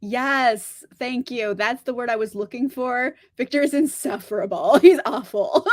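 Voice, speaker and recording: A woman's voice: high voice, expressive, a little slow, no echo, studio quality. A young woman chatting casually on a live stream about books, laughing often and speaking bluntly. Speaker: book streamer answering chat.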